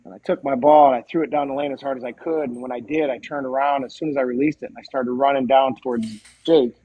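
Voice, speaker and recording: A man as a podcast guest, telling stories in a casual, animated way and acting out the dialogue. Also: mid-range voice, quick pace, breathy edge, muffled recording. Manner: animated, acts out quoted dialogue. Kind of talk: casual storytelling.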